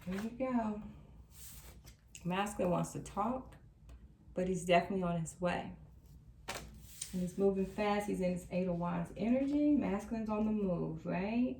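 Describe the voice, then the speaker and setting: A woman reads tarot cards aloud, relaying what she hears with emphatic, repeated lines. Her voice sits in a middle pitch range. The recording is roomy and echoey, and she sounds a little distant from the microphone, with a faint hiss underneath. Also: moderate pace, gravelly, long pauses. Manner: animated, repeats quoted messages emphatically. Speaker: tarot reader. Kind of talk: tarot reading channeling messages. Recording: echoey room, a bit distant from the mic.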